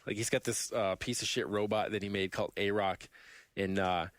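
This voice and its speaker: A man co-hosting a podcast in casual chat, telling stories in a rambling, animated way with many restarts. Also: fairly low pitch, brisk, dry recording. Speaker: podcast co-host.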